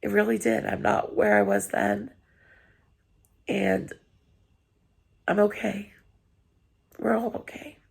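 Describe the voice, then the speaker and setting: A woman's voice: medium pitch, flat delivery, slow pace, vocal fry, pauses often, husky. A woman vlogger, tearful after crying, talking earnestly and apologetically to her viewers, encouraging them. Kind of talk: heartfelt personal vlog talk.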